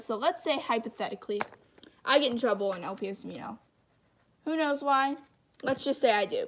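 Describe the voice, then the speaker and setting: Rambling chatty woman, slightly high voice. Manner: rambling, full of "like" and restarts; chatty, thinks aloud while drawing. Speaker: channel host. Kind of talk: casual livestream chat.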